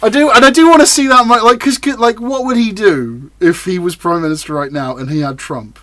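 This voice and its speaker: A man's voice: high-pitched, a little fast, fairly bright tone, no echo. A man co-hosting a casual political chat podcast, rambling with many fillers and restarts. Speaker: podcast co-host.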